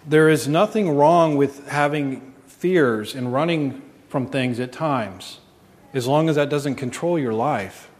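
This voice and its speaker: A man's voice: mid-range voice, slow pace. Male pastor preaching earnestly; mid-range voice, lingering hall echo. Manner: earnest preaching, asks the congregation questions. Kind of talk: sermon. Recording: long reverb.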